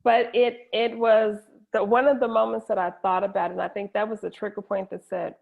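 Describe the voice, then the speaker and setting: A woman's voice: medium pitch, flat delivery, fairly quick, creaky, few pauses. A middle-aged woman, a guest in an interview, candidly sharing an emotional personal story with frequent restarts. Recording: dull lo-fi audio.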